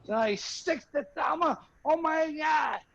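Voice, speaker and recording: A man's voice: very high voice, slow pace, gravelly, fairly bright tone, muffled recording. Man rambling through a comic story. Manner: rambling, keeps asking "you know what I mean?". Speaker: guest comedian. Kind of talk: comedic storytelling on a video call. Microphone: video call.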